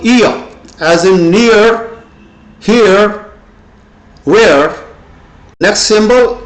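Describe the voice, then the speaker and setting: Slow, high-voiced older man teaching English. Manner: slow and deliberate, with frequent "uh" pauses. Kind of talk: pronunciation lesson. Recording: echoey room.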